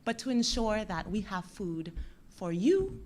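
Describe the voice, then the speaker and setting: A young woman from Dominica giving a lively, playful speech to schoolchildren at a closing ceremony. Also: medium pitch, unhurried, slight background noise. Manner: lively, playful with the children, warm encouraging. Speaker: guest speaker from a bank.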